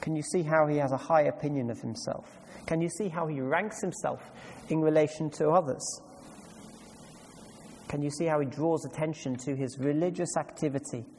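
A man's voice: fairly high pitch, normal speed, a little mellow, slight background noise. Guy preaching, emphatic, asks the room questions, big echoey hall. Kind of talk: sermon. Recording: long reverb hall, faint ambience.

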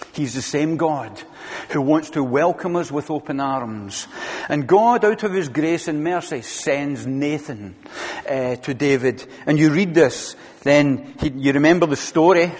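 A man's voice: a little high, husky, big-room sound. A male pastor preaching an earnest, conversational sermon to his congregation, often asking rhetorical questions. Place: church sanctuary.

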